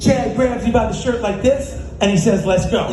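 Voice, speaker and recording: A keynote speaker with an extremely high-pitched voice delivers a motivational speech at a moderate pace from the stage of a large conference hall. His story features acted-out dialogue and call-and-response chants, captured in an echoey hall with music.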